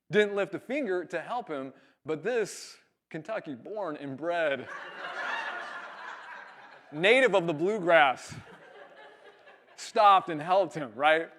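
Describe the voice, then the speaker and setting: A young male pastor originally from California tells a story from the pulpit. His voice sits a little higher than most men's, and he acts out every line of dialogue with lively, animated delivery. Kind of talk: sermon storytelling.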